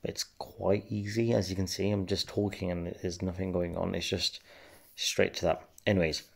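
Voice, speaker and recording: Brief: gaming host, low-pitched, gravelly, laid-back rambling commentary. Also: male voice, moderate pace. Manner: relaxed, rambling, many fillers. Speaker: game channel host. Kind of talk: casual gameplay commentary.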